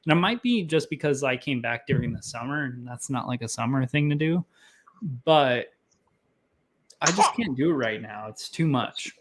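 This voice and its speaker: A man's voice: mid-range voice, lively intonation, moderate pace, slight background noise. A young man hosting a casual whiskey tasting chat, rambling and self-deprecating, with lots of fillers. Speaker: whiskey tasting show host.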